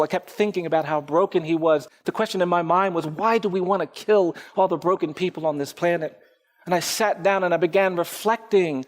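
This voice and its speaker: A lawyer with a male voice that sits high tells a personal story in a public speech, using measured, repetitive, rhythmic phrasing. It was recorded in an echoey hall with faint music.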